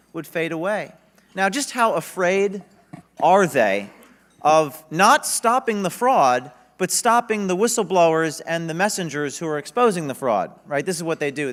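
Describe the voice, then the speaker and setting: A man giving an energetic, emphatic speech at a conference. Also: fairly high pitch. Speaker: conference speaker. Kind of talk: public speech. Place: conference stage.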